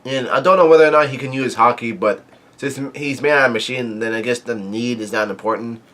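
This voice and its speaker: Halting man recapping a comic. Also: medium pitch, a bit bright. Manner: halting, many fillers and restarts. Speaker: manga reviewer. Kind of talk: casual recap of a comic chapter.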